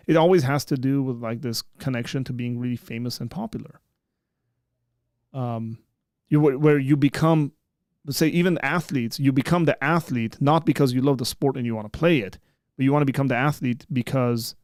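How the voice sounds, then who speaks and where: A man's voice: medium pitch, steady tone, a little fast, darkish tone, no room sound, studio quality. A man hosting a casual livestream chat, rambling with many fillers and restarts. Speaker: host.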